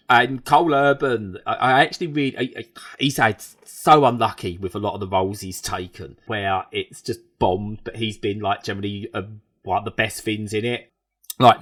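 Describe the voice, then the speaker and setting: A man's voice: mid-range voice, bright, forceful tone. A man, co-hosting a podcast in casual, enthusiastic chat with many restarts. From England. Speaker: podcast co-host.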